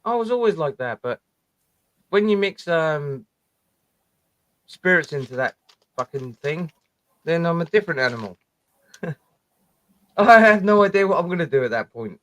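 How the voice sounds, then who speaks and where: A man's voice: a little high, animated, moderate pace, pauses often, fairly bright tone, no echo, muffled recording. A man chatting casually as a guest, brash and laughing, with heavy swearing. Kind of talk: casual chat.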